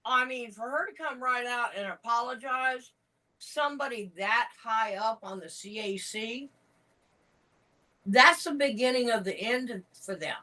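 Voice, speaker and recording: A woman chatting casually, frank and emphatic as she tells her stories. Her voice is bright and a little high, and she talks slowly. She sounds set back from the microphone. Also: distant mic, low-quality recording. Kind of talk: casual chat.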